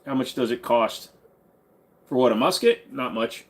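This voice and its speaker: A man hosting a casual livestream, reading viewer questions aloud and answering them in a relaxed, rambling, joking way. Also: mid-range voice, a little slow. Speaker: livestream host answering chat.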